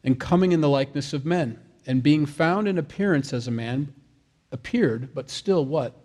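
A man's voice: on the high side, moderate pace, warm tone. A man, a father of young kids, preaching a sermon in a conversational way, with jokey asides and acted-out quotes. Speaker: pastor.

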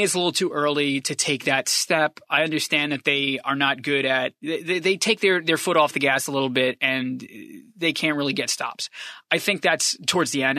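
A basketball fan commentator delivering an impassioned, profane sports opinion rant, swinging between loud rapid-fire complaints and quieter rambling musings. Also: medium pitch, no room sound, studio quality.

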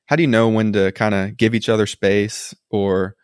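A man co-hosting a podcast, asking a guest questions in a relaxed, friendly way. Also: lowish voice, normal speed, clean tone, no echo, clean studio sound. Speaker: podcast co-host. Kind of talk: casual interview questions.

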